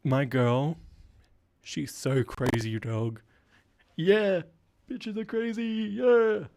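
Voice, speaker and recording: A man voicing a loud, boastful, misogynistic young bro who talks in a brash, slangy way with a raised pitch. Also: very slow, gravelly, background noise, heavily acted.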